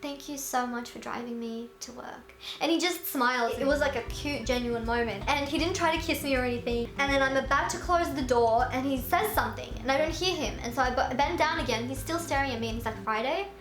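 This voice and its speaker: Chatty high-voiced woman. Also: quick pace, hardly any pauses, echoey room. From Australia. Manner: chatty, animated, lots of "like". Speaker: YouTuber. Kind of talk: storytime vlog.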